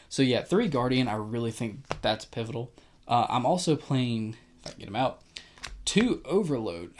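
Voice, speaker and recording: Chatty man walking through a card deck. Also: mid-range voice. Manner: rambling, self-correcting, chuckles between points. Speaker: card game deck reviewer. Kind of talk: casual deck walkthrough.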